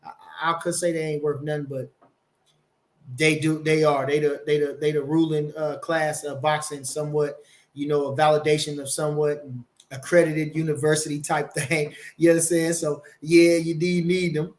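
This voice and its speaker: A man with a high-set voice talks boxing on his own live stream. He rambles, swears freely and presses his points hard, stopping now and then to read viewer comments aloud. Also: little pitch movement, normal speed. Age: older. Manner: swearing, rambling, emphatic, reads chat aloud. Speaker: boxing channel host.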